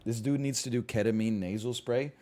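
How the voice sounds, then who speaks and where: A man's voice: mid-range voice, fairly even intonation, a little fast, mellow. A man streaming and chatting casually, rambling, sarcastic and profane, with frequent stammers and restarts.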